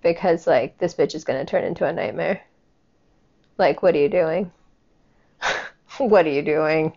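A woman's voice: sits low, unhurried, darkish tone, lo-fi sound. Blunt, profane woman ranting. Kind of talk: casual commentary rant.

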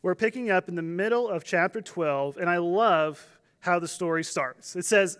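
A man's voice: sits high, normal speed, fairly bright tone, clean tone. A man, a pastor, preaching a conversational sermon, joking and acting out voices from the crowd.

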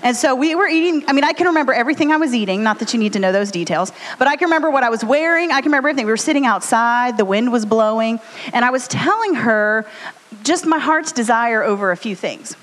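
A bubbly woman with a fairly high voice chats on stage, co-hosting a live storytelling podcast. She rambles along in an animated, friendly way. Her voice rings out with a long hall reverb. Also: fast talker. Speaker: podcast co-host. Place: stage before a live audience.

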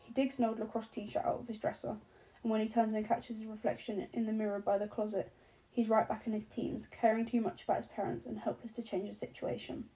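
A woman narrates a novel in a steady storytelling voice. Her tone is mellow and dark-edged, pitched a little high. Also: brisk, muffled recording. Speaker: audiobook narrator. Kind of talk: scripted narration.

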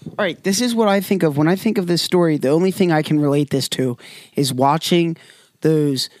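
A young man with a fairly high voice, talking through a Bible passage in a relaxed chat. He reads aloud haltingly, with restarts. The sound is dry and close to the mic. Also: no echo. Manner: chatty, hesitant reading with restarts. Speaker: co-host. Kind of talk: casual Bible discussion.

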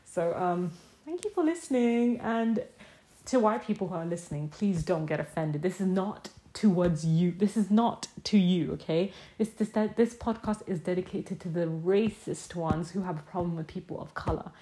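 A woman's voice: on the low side, normal speed, warm tone. A young woman talking alone on her podcast, impassioned and emphatic, firing off repeated rhetorical questions. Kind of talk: casual solo podcast monologue.

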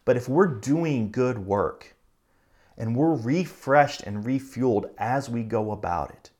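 A man preaching a sermon as a pastor, talking earnestly and conversationally, speeding up and slowing down for emphasis. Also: mid-range voice, animated, a little mellow.

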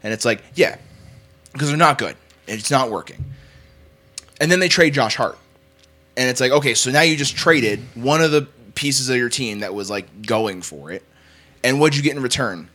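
A young man in casual sports talk, arguing his opinions in quick runs full of "like". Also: mid-range voice, lively intonation, sharp tone. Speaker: podcast co-host.

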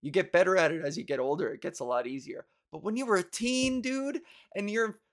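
A man's voice: high-pitched, brisk. Profane rambling man ranting to viewers. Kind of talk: casual rant to viewers.

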